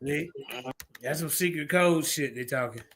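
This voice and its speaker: A man giving loud, crude, taunting commentary over a video call during a debate stream. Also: a little high, normal speed. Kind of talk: mocking live commentary.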